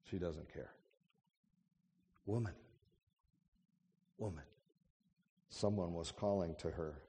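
A man preaching a sermon and reading a story with slow, dramatic storytelling that swells to fervent passages. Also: low-pitched, mellow. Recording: long hall reverb.

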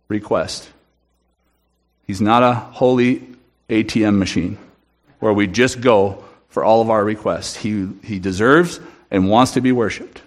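Earnest lower-voiced man preaching. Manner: earnest, emphatic, with frequent restarts. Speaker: guest speaker at a church. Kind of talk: sermon testimony. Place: church room.

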